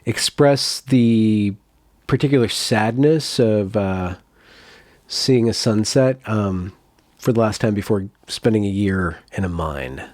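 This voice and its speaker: A man hosting a casual video-call chat, teasing his guest and rambling, often trailing off quietly. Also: lowish voice, takes it slowly, dry recording, clean studio sound. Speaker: host.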